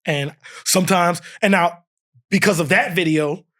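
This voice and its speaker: In a voice that sits high and moves a little slowly, a man tells a humorous story as a podcast guest. The talk is casual; he's animated, often laughing, and plays out others' quotes.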